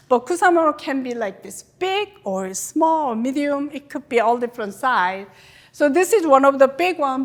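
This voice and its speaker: Korean-accented woman, high and lively. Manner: chatty, animated, non-native grammar. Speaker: guest lecturer. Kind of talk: lecture with slides.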